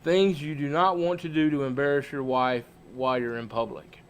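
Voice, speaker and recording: A man hosting a livestream as a small-town mayor, telling comic stories in a folksy, animated way. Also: mid-range voice, normal speed, smooth.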